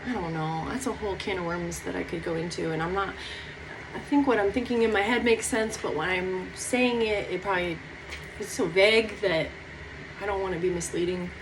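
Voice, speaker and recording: A woman's voice: fairly low pitch, fairly even intonation, a little fast, noisy background. A young woman talking through her feelings in a rambling personal vlog, close to tears, swearing casually. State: near tears. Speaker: vlogger.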